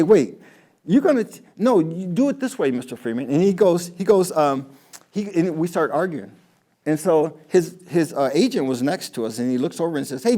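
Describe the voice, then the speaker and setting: Chatty man telling golf stories. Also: a little high. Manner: chatty, jokey, many restarts. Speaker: motivational speaker. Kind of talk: storytelling talk to an audience.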